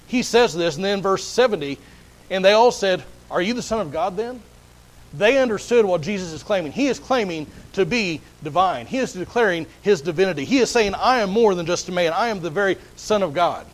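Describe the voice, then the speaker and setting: A man's voice: high voice, animated, fairly quick, poor audio. A man preaching a sermon, explaining a Bible passage earnestly and often repeating words as he restarts. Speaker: pastor.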